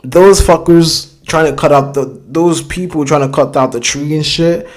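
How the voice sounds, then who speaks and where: A man's voice: a little high, moderate pace. Rambling, swearing man reacting to a show. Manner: rambling, swears often, searches for words. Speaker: reaction video host. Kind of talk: casual reaction commentary.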